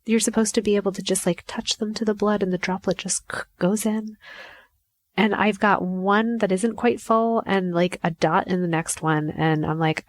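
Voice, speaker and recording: A woman's voice: mid-range voice, fairly even intonation, moderate pace, no room sound. A woman hosting a podcast, telling a personal story in a candid, self-mocking way, swearing freely and acting out her own inner voice. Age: adult mother. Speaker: podcast host. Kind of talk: casual storytelling monologue.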